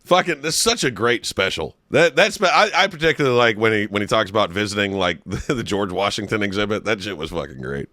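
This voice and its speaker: A young man co-hosting a crude comedy podcast, an animated storyteller who swears a lot and breaks into laughs. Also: fairly low pitch, brisk, hardly any pauses, no room sound, clean studio sound. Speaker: podcast co-host.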